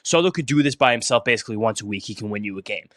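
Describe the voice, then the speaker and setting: A young man, co-hosting a podcast and talking fast through baseball stats. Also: on the low side, lively intonation, fairly bright tone, no room sound, studio quality. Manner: fast, analytical, stat-heavy. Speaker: podcast co-host. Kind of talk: casual sports talk.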